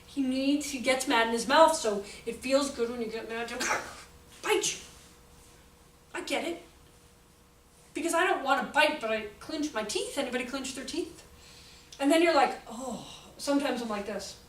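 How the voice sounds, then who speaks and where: A woman in her forties giving a jokey, animated talk to an audience about children's behavior and acting out the quotes. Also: on the high side, moderate pace. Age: 40s. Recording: echoey hall, voice from far off, faint noise.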